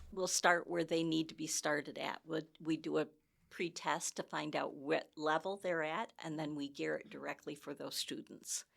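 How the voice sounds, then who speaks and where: A woman's voice: deep voice, creaky. A woman from Michigan, a guest in a casual interview, explaining things in a chatty, friendly way with restarts. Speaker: community education guest.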